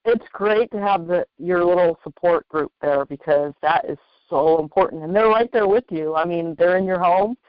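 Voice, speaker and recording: An interview host talks in an easy, encouraging way and comes back to the same points more than once. The voice sits at a middle pitch. The sound is dull and lo-fi, dry with no room around it. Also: moderate pace, hardly any pauses, no room sound. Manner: encouraging, conversational, repeats points. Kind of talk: casual interview chat.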